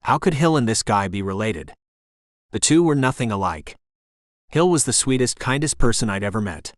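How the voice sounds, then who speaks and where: A man's voice: mid-range voice, expressive, normal speed, no echo. A man narrating a romance audiobook in the first person, with an intense, dramatic delivery on a studio microphone.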